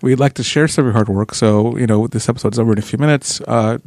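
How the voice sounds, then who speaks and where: A man hosting a podcast interview in a studio, talking in quick casual bursts with many restarts. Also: medium pitch, a little mellow, no echo. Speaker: podcast host.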